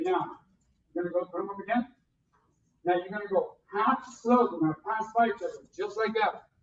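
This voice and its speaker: A karate instructor teaching a beginner class, counting out drills and calling punch commands in loud bursts. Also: medium pitch. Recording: distant, roomy, dull sound with faint noise.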